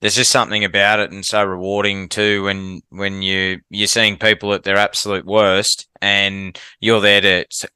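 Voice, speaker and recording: A man's voice: fairly low pitch, level tone, normal speed, few pauses, pushed and bright, clear, resonant tone, no room sound. An Australian man hosting a podcast, asking questions enthusiastically and saying "mate" a lot. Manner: enthusiastic, says "mate" often. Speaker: podcast host, firefighter. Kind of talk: casual podcast interview.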